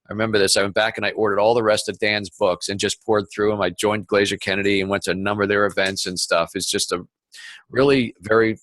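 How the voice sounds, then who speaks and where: A man as an interview guest, talking in a conversational, animated way with quick asides and stories. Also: fairly low pitch, no echo. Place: home office.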